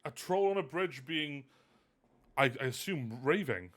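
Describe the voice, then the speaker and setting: A man hosting a casual live stream, animated and self-mocking, often laughing. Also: fairly high pitch, a little slow. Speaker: host.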